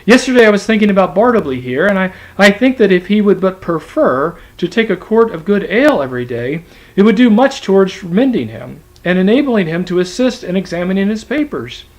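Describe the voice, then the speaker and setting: A man's voice: high voice, very animated, fairly quick, darkish tone, voice pushed up, low-quality recording. A man reading aloud as a deferential, eager old male office clerk in a story. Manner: obsequious, eager.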